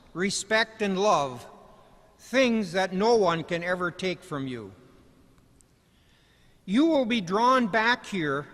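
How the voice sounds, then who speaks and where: A man giving a commencement speech, telling stories in a folksy, gently humorous way. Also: sits high. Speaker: commencement speaker. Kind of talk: ceremonial speech with storytelling. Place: commencement ceremony hall. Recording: large hall reverb.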